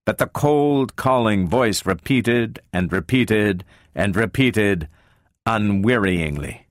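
A man narrating an audiobook with an expressive, varied storytelling delivery. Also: lowish voice, dry recording, studio quality.

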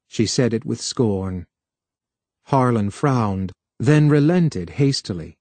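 A man narrating an audiobook with measured, even storytelling. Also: mid-range voice, no echo.

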